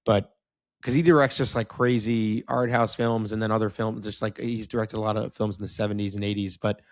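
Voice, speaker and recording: A man's voice: lowish voice, little pitch movement, brisk, dry recording, clean studio sound. A man co-hosting a film podcast, giving his opinions in a candid, offhand way and swearing casually. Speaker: podcast co-host. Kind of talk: casual film review chat.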